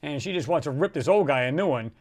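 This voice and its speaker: Male livestream host, slightly higher pitch, rambling and animated, casual chat reading viewer comments. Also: fast talker.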